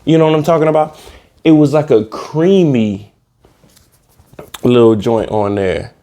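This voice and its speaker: A man's voice: mid-range voice, steady tone, a little slow, mellow. A man hosting a comedy podcast, talking in a loose, slangy, repetitive casual monologue. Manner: loose, slangy, repeats himself for laughs. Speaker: podcast host.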